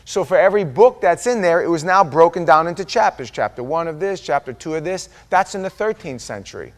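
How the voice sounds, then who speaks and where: A high-pitched American man delivers a sermon with lively energy. He acts out quoted voices and sometimes falls to a low, quiet aside before climbing back up. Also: a little fast. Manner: animated preaching with quoted voices and sudden soft drops. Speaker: pastor.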